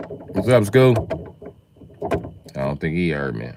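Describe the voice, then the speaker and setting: A male comedian telling profane comic stories in a live monologue, acting out both sides of conversations and breaking into loud shouts. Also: sing-song, slow pace, background noise. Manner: jumps to loud high shouts when acting out scenes.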